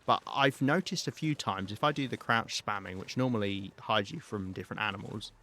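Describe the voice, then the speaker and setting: A British man live-streaming a survival game, talking calmly and softly to his chat while he plays. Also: fairly low pitch, brisk, slight background noise. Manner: calm, soft-spoken, chatty with viewers.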